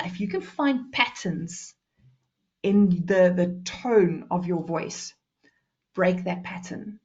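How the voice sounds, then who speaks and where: A woman from South Africa giving a presentation skills workshop, fast and lively, deliberately shifting her pace and loudness. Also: on the low side, muffled recording.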